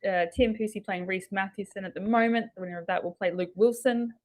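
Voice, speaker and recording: An Australian woman co-commentating live darts, briskly running through results and laughing along with her partner. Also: medium pitch, fairly even intonation, darkish tone.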